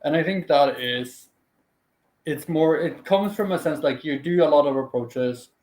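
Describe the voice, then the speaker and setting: A man's voice: on the high side, measured pace, darkish tone. A man co-hosting a casual chat, talking in a thoughtful, hesitant way that wanders mid-sentence. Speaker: co-host. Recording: echoey room.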